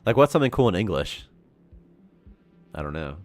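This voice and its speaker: A man's voice: low voice, sing-song, fairly quick, faint music behind. A young man hosting a casual game development livestream, rambling and chatty and laughing often. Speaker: programmer and stream host.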